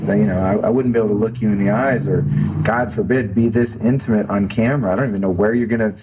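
Middle-aged male guest, low mellow voice, candid and reflective interview talk. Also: steady tone, fast talker, a little hiss or hum, rough recording. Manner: earnest, open and self-reflective, with many restarts. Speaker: podcast host as interview guest. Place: studio set for a filmed talk show.

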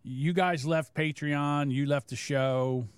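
A man's voice: on the high side, fairly even intonation, slow pace, clean tone, dry recording. A man co-hosting a podcast, telling a profane, rambling story in casual chat. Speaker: podcast co-host.

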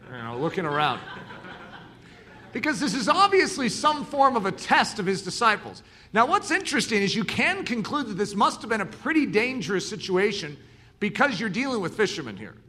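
This preacher's voice is high-pitched and a little fast as he works through a sermon. He brings his stories to life by acting out what the people in them say.

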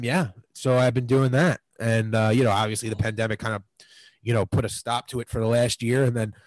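A man in his twenties, a podcast guest, tells casual stories, rambling and leaning heavily on "like" and "you know." His voice is medium-pitched, and the recording is dry and rough.

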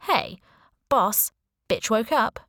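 A woman's voice: fairly high pitch, animated, slow pace, a bit bright, no echo, heavily acted. A cheeky, insolent black cat, mouthing off at its owner, as a woman narrator puts it on. The voice is dry and close, storybook-style. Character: rude sardonic black house cat.

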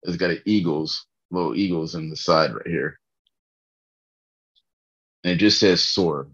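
A man's voice: low-pitched, measured pace, a bit bright, muffled recording. A tired man in a casual faith vlog, earnestly rambling about his morning prayer from his bedroom. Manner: earnest, rambling, laughs at himself.

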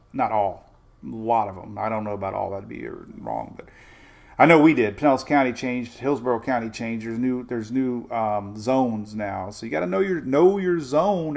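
On his casual weather stream, an older host speaks in a mid-range, gravelly, creaky voice. He covers the forecasts in a loose, rambling manner and drifts into homey asides in between.

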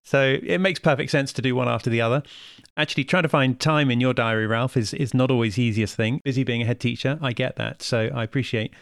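A man's voice: medium pitch, fast talker, gravelly, smooth, no echo, clean studio sound. A man hosting a podcast, chatting casually and asking questions with friendly, self-aware asides. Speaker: podcast host.

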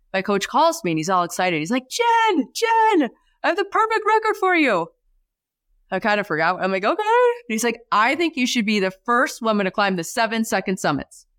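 A woman in her forties, a podcast guest telling her story in a lively way and acting out the voices she quotes. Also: no room sound, studio quality. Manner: animated, acts out quoted voices with big pitch jumps. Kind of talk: storytelling in a casual interview.

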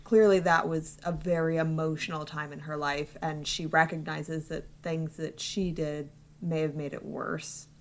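A woman's voice: deep voice, flat delivery, a little slow. A woman co-hosting a podcast, making wry, teasing remarks in casual chat. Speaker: podcast co-host.

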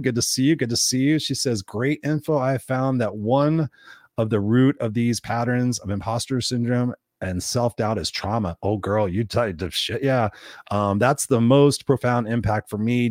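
A man's voice: mid-range voice, a little mellow, no room sound, studio quality. A man hosting his own show, giving an unscripted motivational talk, blunt and swearing often, acting out the people he quotes. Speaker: podcast host. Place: Los Angeles.

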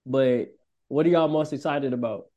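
A man co-hosting a casual film podcast, joking and quick to laugh as he quizzes his co-hosts. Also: mid-range voice. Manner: joking, animated, laughs often. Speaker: podcast co-host. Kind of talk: casual chat.

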